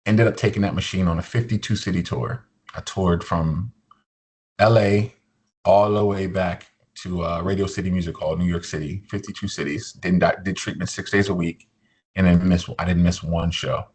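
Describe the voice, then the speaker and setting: A deep-voiced man in his forties speaks as a podcast guest, his tone low and a little husky. He tells his story loosely and casually, drops in jokes, and leans on "you know" as he goes. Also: normal speed. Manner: relaxed, joking, loose with fillers like "you know".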